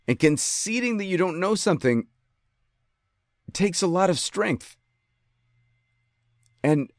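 A man from western New York telling a story in a casual monologue, animated and ranting, often cutting himself off mid-sentence. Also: mid-range voice, no room sound, clean studio sound. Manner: animated, ranting, self-interrupting. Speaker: podcast host.

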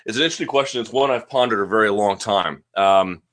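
Bright-voiced man rambling through a live chat. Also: on the low side, quick pace. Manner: rambling, self-deprecating, with frequent restarts. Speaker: host of a live chat show. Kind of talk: casual live-stream chat answering viewer questions. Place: at home.

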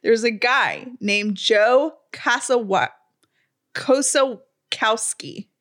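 Pregnant young woman chatting on a home podcast, bit high voice, laughs a lot. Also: extremely slow, fairly bright tone. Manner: chatty storyteller, laughs often. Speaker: podcast co-host. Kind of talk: casual chat.

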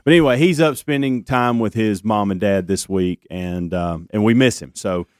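A man's voice: on the low side, normal speed, clean tone, dry recording, studio quality. Rambling man hosting morning radio. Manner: rambling storyteller with many restarts and ums. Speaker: radio show host. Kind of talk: casual morning radio chat.

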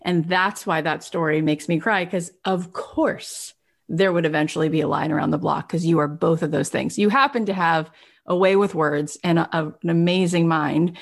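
Low, creaky woman host. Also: normal speed. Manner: heartfelt, warm praise of the guest. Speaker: podcast host. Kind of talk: emotional interview talk.

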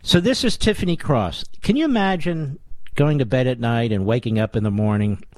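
A man's voice: mid-range voice, normal speed, a little mellow, no echo. A man hosting a talk radio show, delivering a sarcastic, combative monologue full of scornful rhetorical questions and asides to his producer. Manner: addresses his producer on air.

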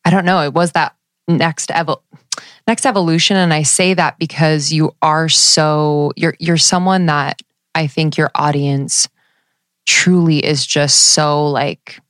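A woman's voice: low-pitched, steady tone, a little slow, fairly bright tone, no echo, studio quality. A woman co-host asking a rambling question in casual chat. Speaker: podcast co-host.

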